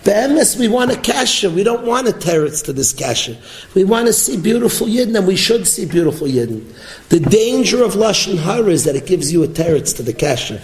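Animated rabbi with a high-set voice. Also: male voice, brisk, echoey room, poor audio. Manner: animated, storytelling, mixes in Hebrew and Yiddish terms. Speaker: rabbi giving a Torah class. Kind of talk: sermon-style Torah lecture.

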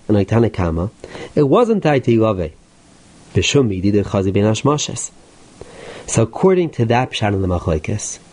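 A man, a rabbi, teaching a Talmud lesson in a steady explanatory way, stressing key points. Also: medium pitch. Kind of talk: Talmud lecture.

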